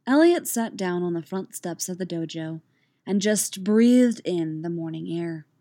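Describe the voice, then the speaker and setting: A woman narrating a novel in a steady, even storytelling voice. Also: on the low side, unhurried, no echo. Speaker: audiobook narrator. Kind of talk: scripted narration.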